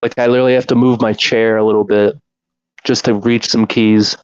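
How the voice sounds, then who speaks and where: A young man co-hosting a casual podcast, joking around with deadpan, rambling humor. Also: fairly low pitch, fairly quick, clear, resonant tone, no echo, lo-fi sound. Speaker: podcast co-host. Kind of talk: casual chat.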